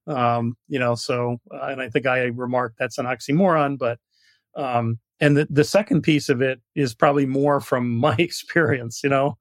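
A man from New York speaking as a guest on a business podcast. He talks in an animated, storytelling way and leans on "you know" as he goes. His voice sits at a middle pitch and the sound is close and dry. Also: moderate pace, dry recording. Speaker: guest, product marketing director. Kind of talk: podcast interview.

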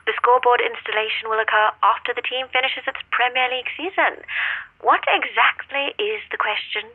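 A woman's voice: a little high, brisk, no echo. An actress playing a curt, suspicious office accountant woman in an audio drama. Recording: tinny, husky phone line.

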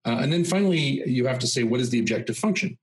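A man's voice: mid-range voice, lively intonation, fast talker, slightly rough, poor audio. A man talking as a podcast guest, telling long stories full of examples. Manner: expansive storyteller, dense with examples. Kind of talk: conversational podcast interview.

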